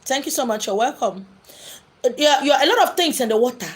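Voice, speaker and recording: A high-pitched woman with lively intonation speaks briskly while hosting a spiritual livestream from indoors. She answers viewer questions in an emphatic, preachy way, repeating lines to stress her points.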